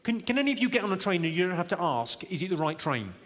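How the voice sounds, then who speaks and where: A man's voice: high-pitched, sing-song, a little hiss or hum. Male stand-up, dry teasing crowd work, live theater reverb. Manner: dry, quick-witted, teasing the audience. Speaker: stand-up comedian. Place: large theater stage. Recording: reverberant hall, loud audience laughter.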